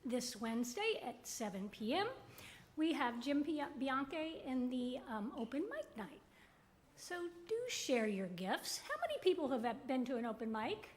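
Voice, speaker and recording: A woman's voice: high voice, sing-song, unhurried, slight background noise. A woman giving church announcements in an upbeat, joking way. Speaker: announcements presenter at a spiritual center.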